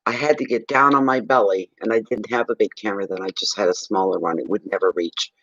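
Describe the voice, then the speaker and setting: Brief: man from eastern Canada, rambling animated storyteller, dry and slightly muffled recording. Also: fairly low pitch, fast, no room sound. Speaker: psychic reader telling a story. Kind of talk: casual storytelling on a livestream.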